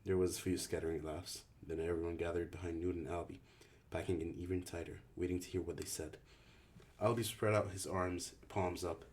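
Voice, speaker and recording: Deep-voiced male audiobook narrator. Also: level tone, brisk, darkish tone. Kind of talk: audiobook reading.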